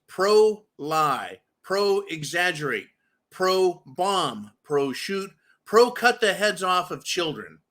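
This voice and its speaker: In a bright, forceful voice on the high side, a political commentary host rages at his audience. He swears constantly, sounds furious, and keeps calling the viewers folks throughout his angry rant.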